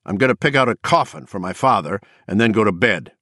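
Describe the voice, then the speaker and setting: A man's voice: on the low side, lively intonation, fairly quick, a bit bright, no room sound, clean studio sound, pitched above the performer's own voice. A man voicing a curt, furious grown woman who barks clipped, profane orders, in a storybook reading. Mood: cold.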